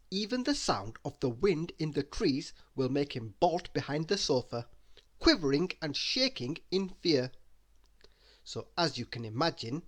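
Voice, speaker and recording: A man reading a children's bedtime story aloud, slow and expressive. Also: fairly high pitch.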